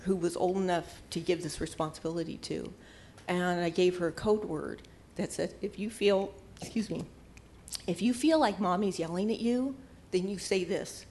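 A woman's voice: on the low side, darkish tone, slight background noise. An older woman giving casual marriage advice in an earnest, conversational way, at times searching for words. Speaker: marriage teacher.

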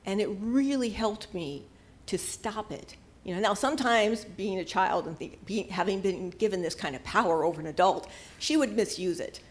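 This older marriage teacher speaks at a normal speed in a mid-range voice, giving informal advice on marriage. She comes across as earnest and conversational, occasionally pausing to find her words.

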